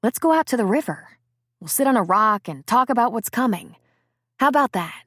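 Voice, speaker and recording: A woman's voice: on the high side, lively intonation, fairly quick, a bit bright, dry recording, clean studio sound, pitched above the performer's own voice. A woman voicing an anxious young man who talks earnestly and tries to soothe his girlfriend. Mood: soothing. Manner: earnest, soothing, a little shaken. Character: guilty, anxious young man, gentle with her.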